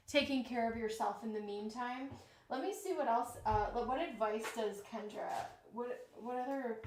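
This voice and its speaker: Slow-talking, tired woman tarot reader. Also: on the high side. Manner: slow, soothing, reassuring. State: tired from jet lag. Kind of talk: live-streamed tarot reading. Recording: echoey room with clear background noise.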